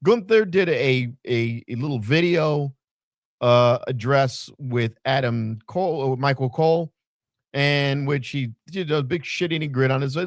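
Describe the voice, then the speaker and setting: A man's voice: medium pitch, lively intonation, unhurried, no room sound, clean studio sound. A man co-hosting a podcast, giving a blunt, profane, opinionated wrestling recap in casual chat. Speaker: podcast co-host.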